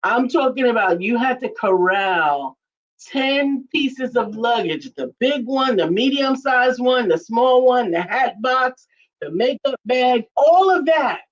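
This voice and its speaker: A woman's voice: fairly high pitch, animated, slow. A woman co-hosting a casual faith-based talk show, earnest and preacherly, reading out viewer comments. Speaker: co-host, coach. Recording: dull lo-fi audio.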